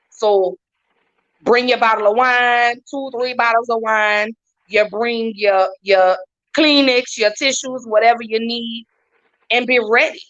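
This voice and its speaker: A woman with a fairly high, fairly bright voice talks casually as a podcast guest. She's heartfelt and emphatic, repeating her points for weight, and the lo-fi audio sounds dull.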